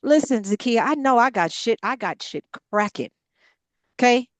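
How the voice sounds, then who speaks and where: A woman's voice: a little high, expressive, moderate pace, no room sound. Blunt, impassioned middle-aged woman. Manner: blunt, impassioned, frank swearing. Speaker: Bible study leader. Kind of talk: candid group discussion.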